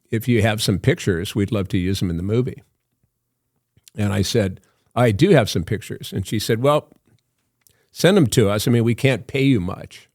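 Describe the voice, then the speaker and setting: An older actor appears as a podcast guest, spinning long stories packed with fillers and laughter. His fairly low, darkish voice is captured in a dry, clean studio recording.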